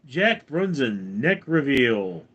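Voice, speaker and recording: Brief: a slow, deadpan male streamer with a lively pitch, answering his chat from home. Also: husky, highs cut off. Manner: dry, deadpan, reading chat names aloud. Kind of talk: casual live-stream chat.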